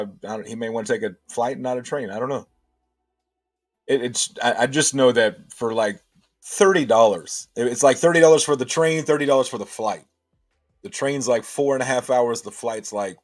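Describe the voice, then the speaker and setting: A man hosting a casual livestream, thinking aloud and answering chat with many restarts. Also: mid-range voice.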